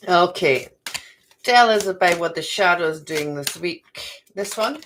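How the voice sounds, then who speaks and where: Slow, low-voiced woman reading cards. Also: lively intonation, a bit bright, slight background noise. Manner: chatty, talks to herself, repeats phrases. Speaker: card reader. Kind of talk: live oracle card reading to viewers.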